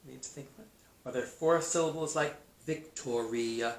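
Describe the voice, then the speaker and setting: Man teaching kindergarten math slowly. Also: mid-range voice. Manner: slow, sounds out words and names for children. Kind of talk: kindergarten math video lesson. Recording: echoey room, faint noise.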